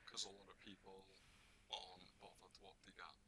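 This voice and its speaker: A man's voice: low voice, level tone, moderate pace, pushed and bright, a little hiss or hum, poor audio. A man from Liverpool with a light Scouse accent, co-hosting a casual podcast chat and explaining things plainly. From Liverpool, England. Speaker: podcast co-host.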